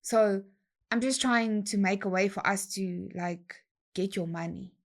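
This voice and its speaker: A young adult woman, telling a story in a slangy, animated way and acting out other people's lines. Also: medium pitch, a little slow. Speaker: guest DJ. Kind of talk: casual storytelling chat.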